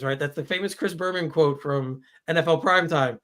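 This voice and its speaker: A man's voice: on the high side, brisk, fairly bright tone. A man hosting a casual sports podcast, talking in a rambling, reflective way and often correcting himself mid-sentence. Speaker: podcast host. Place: home studio on a live stream.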